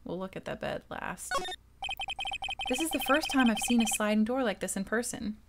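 A woman's voice: on the high side, moderate pace, heavy background noise. A woman streamer chatting and giggling while playing a story game. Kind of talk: let's-play commentary. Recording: game music behind voice. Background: game music.

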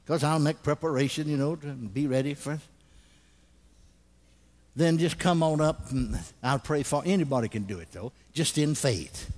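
Animated high-voiced older preacher. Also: male voice. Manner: animated storytelling with loud acted laughter. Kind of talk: sermon.

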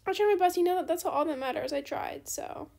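A young woman with a high voice that drops into a gravelly fry, chatting casually over gameplay. She talks in a loose, rambling way, often saying sorry and perking up at new things. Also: brisk. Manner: chatty, apologetic, easily excited. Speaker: gaming channel host.

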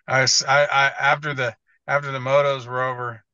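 A man's voice: medium pitch, flat delivery, a little fast, pushed and bright, smooth, no echo, dull audio. An American man talking as a guest in casual podcast chat, blunt and swearing freely, often stumbling over restarts. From United States. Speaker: guest motocross editor.

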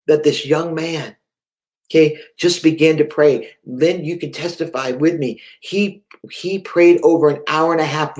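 A man preaching a sermon, telling a story with fervor, dropping to a hush and then rising again. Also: fairly high pitch. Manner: impassioned storytelling, swings between hushed and raised; reads viewer comments aloud live.

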